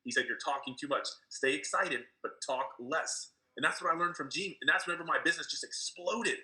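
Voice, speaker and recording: A man telling a story in a casual, excitable way, full of "you know" and restarts. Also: fairly high pitch, fast, poor audio. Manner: excitable, many fillers and restarts. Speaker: interviewee, team leader.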